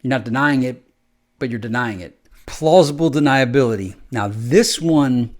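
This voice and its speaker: A man's voice: mid-range voice, moderate pace. A man hosting a podcast, talking in a rambling, conversational monologue and acting out quoted exchanges. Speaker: podcast host. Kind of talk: casual monologue.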